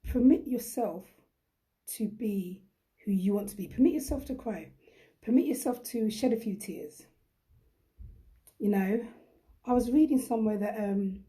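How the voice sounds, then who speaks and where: A woman's voice: fairly high pitch, warm tone. A middle-aged woman hosting a reflective live-stream talk, speaking earnestly and repeating phrases for emphasis. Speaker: host.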